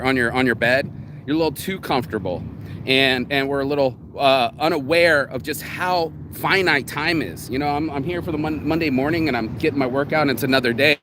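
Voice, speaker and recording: A man's voice: mid-range voice, fairly bright tone, a little hiss or hum. A man giving a casual motivational talk outdoors by a road, rambling and candid, swearing freely and acting out other people's lines. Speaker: vlogger giving morning motivation.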